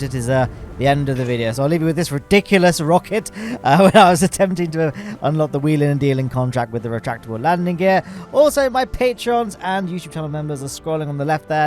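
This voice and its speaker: A man's voice: on the high side, darkish tone. A man in his thirties giving casual, wry let's-play commentary, explaining as he plays. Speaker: gaming YouTuber.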